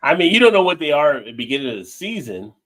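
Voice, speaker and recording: A man's voice: on the high side, sing-song, quick pace, fairly bright tone. A man hosting a casual live-stream chat over a video call, joking around a little buzzed and reading out viewer comments. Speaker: host.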